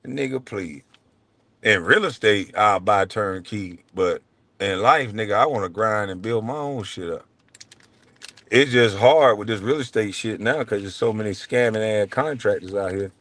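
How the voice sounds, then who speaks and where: A middle-aged man hosting his show, ranting in a blunt, profane way and swinging between low mutters and loud outbursts. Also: normal speed. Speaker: show host. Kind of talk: heated livestream rant.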